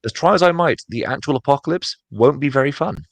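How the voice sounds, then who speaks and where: A man's voice: medium pitch, animated, brisk, gravelly, no room sound. Rambling casual man, dry sound. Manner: rambling, lots of fillers and restarts. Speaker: podcast co-host. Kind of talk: casual chat.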